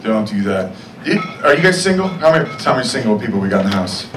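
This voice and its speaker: A young man performing a stand-up comedy set on a club stage, with deadpan asides and checks on the crowd. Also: on the low side, fast. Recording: echoey club sound from far off. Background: audience noise.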